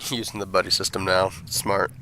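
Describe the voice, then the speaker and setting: A man acting as dungeon master, running a tabletop game and trailing off into quiet asides. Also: sits low, level tone, a little fast.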